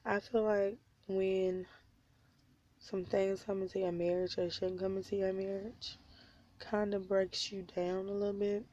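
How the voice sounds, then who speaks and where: A woman in her 20s, born in North Carolina and raised in Oklahoma, talks wearily about her troubles in a personal vlog, with a slightly sore throat and some coughing. Her medium-pitched voice is mellow, level, and unhurried, and the sound is lo-fi.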